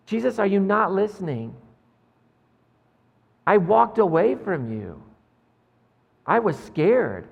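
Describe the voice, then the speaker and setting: A man voicing an anxious, ashamed male disciple who talks haltingly and doubts himself, recorded with a long hall reverb. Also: sits high, lively intonation, vocal fry, a little mellow, lo-fi sound, heavily acted. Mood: distraught. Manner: halting, flustered, self-doubting.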